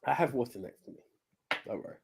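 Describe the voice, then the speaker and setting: A man's voice: medium pitch, lively intonation, quick pace, creaky, a little mellow, a little hiss or hum. A drunk young man, a co-host rambling in casual chat, stumbling over his words and laughing often.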